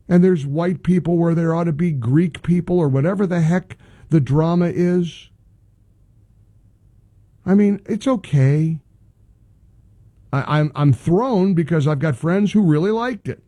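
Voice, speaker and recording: A middle-aged male radio host, clearly fed up and ranting. His voice sits high and swings widely up and down, with a slightly husky edge. The sound is close and dry. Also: no echo. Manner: exasperated, ranting, animated. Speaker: radio talk show host. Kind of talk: casual talk radio monologue.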